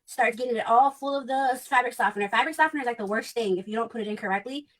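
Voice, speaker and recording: A woman's voice: a little high, racing. A woman on a clipped livestream, ranting in a blunt, heated way, swearing often and repeating herself. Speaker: vlogger.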